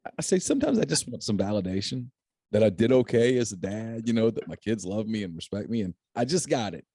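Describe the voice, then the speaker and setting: A middle-aged man runs a relaxed picks chat, his voice low and warm. He jokes and laughs easily as he talks. The sound is close and dry. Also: quick pace, slightly rough, no echo. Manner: chatty, joking, laughs often. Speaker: podcast host. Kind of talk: casual sports picks chat.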